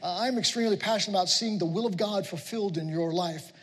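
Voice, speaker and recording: A man preaching a sermon in a church, telling lively stories and acting out voices. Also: high-pitched, fast, breathy edge. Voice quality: animated storytelling with playful voices. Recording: echoey hall.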